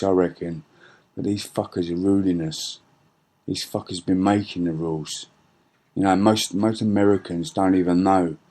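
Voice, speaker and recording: Low-pitched man, middle-aged, angry profane rant, rambling restarts. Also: a little mellow. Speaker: podcast host. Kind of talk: ranting monologue.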